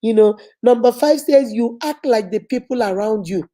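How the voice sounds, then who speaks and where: A woman's voice: a little high, normal speed, dark tone. A woman, a life coach giving an emphatic, repetitive motivational lesson straight to her viewers. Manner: emphatic, repetitive, preachy, direct address. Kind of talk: motivational teaching to camera.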